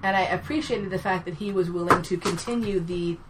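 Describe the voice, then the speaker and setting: A woman and actor telling a story in casual chat, blunt and animated, swearing freely. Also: lowish voice, fairly quick, heavy background noise. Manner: animated and blunt, swears freely, swings loud when excited. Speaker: podcast guest, actor.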